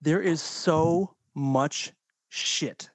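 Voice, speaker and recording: A man's voice: on the high side, very slow, no echo. Joking man podcast co-host, dry sound. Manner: joking, rambling, swearing. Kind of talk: casual chat. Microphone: remote call.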